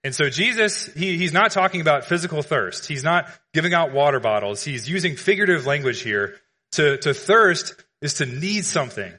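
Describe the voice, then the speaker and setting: A man's voice: fairly high pitch, animated, normal speed, pushed and bright. A man preaching a sermon in a church, earnest and conversational, asking the listeners questions. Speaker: pastor. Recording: long hall reverb.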